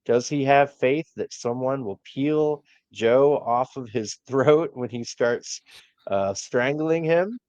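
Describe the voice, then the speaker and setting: A man's voice: medium pitch, slow, darkish tone, no room sound. A man co-hosting a wrestling podcast, recapping matches in a laid-back way with many fillers. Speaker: podcast co-host. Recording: dull lo-fi dry sound.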